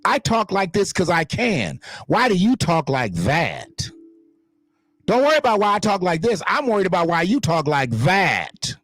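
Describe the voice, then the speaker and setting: A man's voice: high-pitched, very animated, moderate pace, a bit bright, faint music behind. A man hosting his own online show, talking in blunt, profane, emphatic casual commentary.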